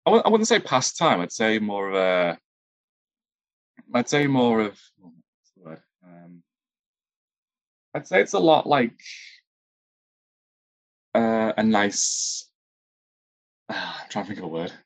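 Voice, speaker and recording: Improv guest, male, lowish, rambling and hesitant, dry close sound. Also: big pitch swings, no echo. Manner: halting, searches for words, many fillers. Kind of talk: casual interview answers.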